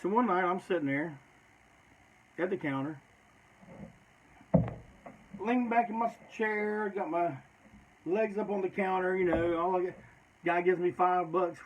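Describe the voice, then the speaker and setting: A man's voice: high-pitched, measured pace, pauses often, highs cut off. A man telling stories in a loose, rambling, profane way, often tacking "man" onto his sentences. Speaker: storyteller. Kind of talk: casual storytelling.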